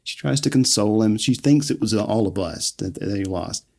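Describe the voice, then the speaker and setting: A man's voice: fairly low pitch, normal speed, vocal fry, a little mellow. A man raised in the American South, casually recapping a film scene by scene as podcast co-host, laughing often. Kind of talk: casual movie recap chat.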